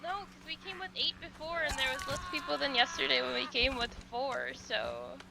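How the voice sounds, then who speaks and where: A woman's voice: high voice, fairly even intonation, moderate pace, vocal fry, noisy background. A woman playing a game with others, talking in a hesitant, apologetic and pleading way over voice chat. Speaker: fellow player in voice chat.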